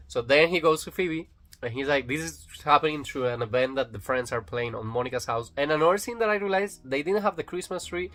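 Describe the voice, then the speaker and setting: A man's voice: mid-range voice, fairly quick. Rambling man retelling a sitcom plot. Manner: retells scenes quoting characters in a relaxed, rambling way. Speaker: vlog host. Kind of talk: casual spoken review.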